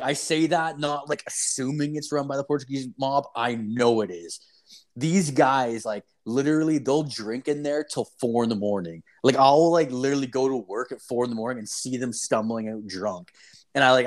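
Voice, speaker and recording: A man co-hosting a casual podcast, swearing freely as he tells a rambling story. He jumps between his own voice and the people he quotes, and he fills the gaps with "like." His pitch sits in the middle range for a man. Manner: profane, rambling, animated storyteller with many "like"s. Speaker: podcast co-host.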